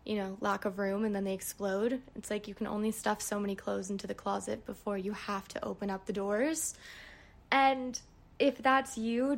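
A young woman hosting her own podcast, chatting casually and answering listener questions with enthusiasm. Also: a little high. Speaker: podcast host. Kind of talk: casual solo podcast monologue.

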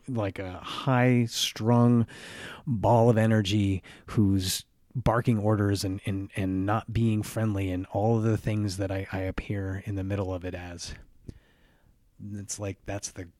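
A man's voice: fairly low pitch, a little mellow, no echo. A man hosting a podcast, talking earnestly and reflectively on his own, often restarting phrases and adding "right?" asides. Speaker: podcast host. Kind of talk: reflective solo podcast monologue.

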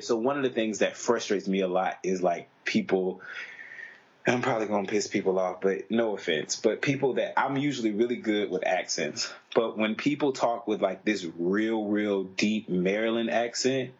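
A man's voice: lowish voice, slightly rough. A man co-hosting a podcast, talking casually and earnestly, often restarting his sentences. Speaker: podcast co-host. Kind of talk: casual discussion. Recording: dull lo-fi podcast audio.

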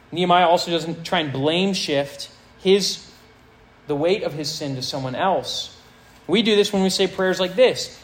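Speaking to high schoolers, a male pastor delivers a sermon and reads scripture with earnest emphasis, captured on a poor recording.

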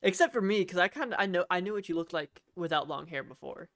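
A man's voice: high-pitched, expressive, fast talker, fairly bright tone, no echo, studio quality. A young man co-hosting a podcast, chatting casually with blunt teasing and easy swearing. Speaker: podcast co-host. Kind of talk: casual chat.

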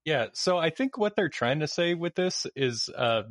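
A man guesting on a casual gaming podcast, explaining things in a relaxed, step-by-step way. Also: a little high, moderate pace, no echo, clean studio sound.

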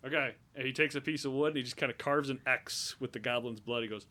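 A man's voice: mid-range voice, fast, bright, forceful tone. A man narrating a tabletop game as game master, describing scenes in a loose, rambling way. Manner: loose, rambling, frequent restarts.

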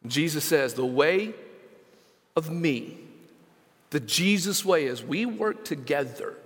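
A male senior pastor preaching a sermon, stressing scripture slowly and calling out to the congregation. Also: a little high, animated, slightly rough, long reverb tail. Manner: emphatic, slows down to stress scripture; engages congregation with call-outs.

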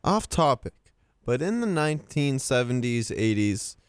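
Male show regular, mid-pitched, casual and joking, dry close sound. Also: very animated, a little slow, smooth, dry recording. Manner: laid-back, joking, asks tangent questions. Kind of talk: casual radio talk.

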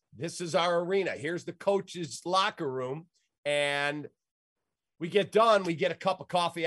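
With a voice on the high side, a lively middle-aged Chicago-area man recounts a story casually, performing the voices of the characters he quotes. The recording is dry, with clean studio sound.

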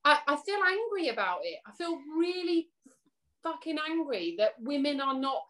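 Passionate high-voiced woman. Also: sing-song, normal speed, bright, forceful tone, slight background noise. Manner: passionate, indignant, swears. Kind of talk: casual chat.

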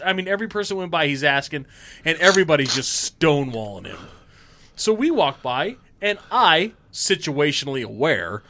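A man telling stories in casual podcast chat, profane and animated. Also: on the high side. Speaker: podcast co-host. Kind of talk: casual storytelling.

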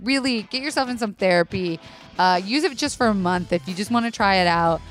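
A young adult woman hosting a podcast solo, chatting casually in an excitable, profane way. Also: mid-range voice, fairly quick. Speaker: podcast host.

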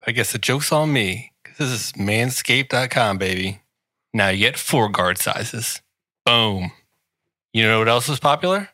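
A man's voice: medium pitch, animated, a little slow, sharp tone, no room sound. A man reading a comedic ad with sarcastic, mock-grandiose flair, teasing the listener. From Washington, D.C. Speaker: podcast host reading an ad. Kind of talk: comedic ad read.

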